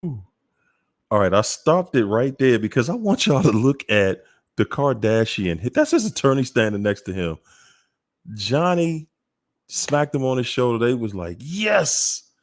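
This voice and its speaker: A man's voice: medium pitch, sing-song. A man hosting a casual call-in livestream, chatty and exclaiming as he sets up clips. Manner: slow, chatty, exclaims and laughs often. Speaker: host.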